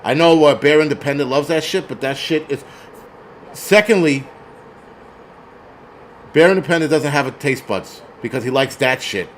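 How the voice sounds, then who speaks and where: A man's voice: fairly high pitch, normal speed, pauses often, slight background noise. A man hosting a casual livestream, reading chat comments aloud and ranting bluntly with plenty of profanity.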